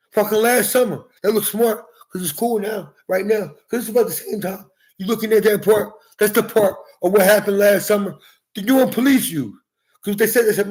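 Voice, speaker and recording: A high-pitched man in his forties addresses viewers straight on from his home. He rambles and swears throughout the monologue, jumping between topics.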